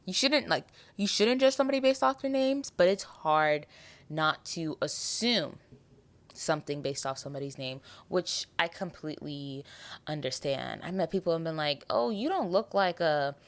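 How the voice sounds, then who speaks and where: A woman's voice: sits low, moderate pace. A young woman hosting her own podcast, chatting casually and animatedly with lots of asides and fillers. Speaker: podcast host. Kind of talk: casual solo podcast chat.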